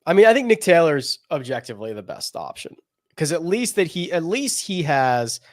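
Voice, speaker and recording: Animated man talking golf picks. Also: medium pitch, dry recording, studio quality. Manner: animated, rambling, laughs while talking. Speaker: podcast co-host. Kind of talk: casual golf betting chat.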